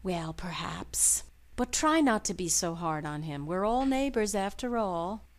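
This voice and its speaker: A woman voicing a friendly, nosy female neighbor in a video game, chatty and gently prying. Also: on the low side, big pitch swings, measured pace. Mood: caring. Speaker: game character voice.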